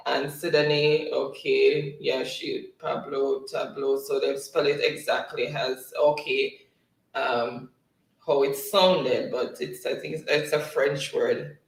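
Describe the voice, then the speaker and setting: A man's voice: mid-range voice, flat delivery, slow pace, vocal fry. A man hosting a live-stream spelling quiz in a casual, chatty way, reading viewers' comments aloud and laughing often. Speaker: livestream quiz host. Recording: echoey room, distant mic.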